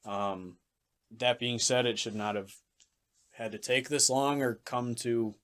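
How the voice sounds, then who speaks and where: A man with a mid-range, fairly bright voice speaks unhurriedly with fairly even intonation. He's co-hosting a sports podcast in casual chat, ranting bluntly and swearing freely as he makes his case.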